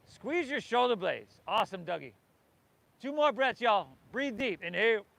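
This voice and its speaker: Male yoga teacher, higher-pitched, calls cues to a group, encouraging. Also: big pitch swings, moderate pace, creaky, fairly bright tone, no room sound. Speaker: yoga instructor. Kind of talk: guiding a yoga class. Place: outdoors by the ocean.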